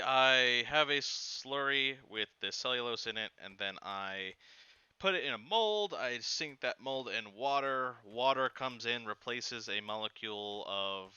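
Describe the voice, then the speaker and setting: A young man who hosts a gaming channel rambles through an annoyed personal story in casual chat, animated and exasperated, with lots of fillers. His mid-range voice is clean with no room sound, though the highs are cut off.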